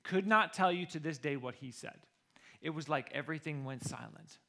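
A football coach telling a story about a game, animated and lively, acting out what others said. His voice sits high for a man and has a bright, forceful edge. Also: normal speed, gravelly. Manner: animated, acts out the people he quotes. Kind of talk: personal storytelling.

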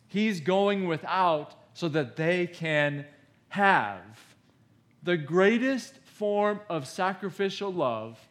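A man preaching a sermon as a pastor, emphatic, swinging between loud stressed words and hushed asides, in a conversational way. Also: a little high. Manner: conversational, with acted-out quotes.

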